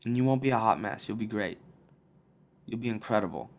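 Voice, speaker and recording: Young man, podcast host, casual advice, swears a lot, blunt and jokey, bursts of loud energy. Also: fairly low pitch, animated, brisk. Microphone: podcast mic.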